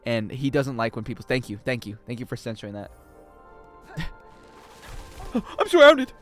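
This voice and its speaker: A man chatting casually and joking with his chat while he plays a game on a livestream, swinging between loud outbursts and mumbled asides. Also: medium pitch, fairly even intonation, normal speed, faint music behind. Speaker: game streamer.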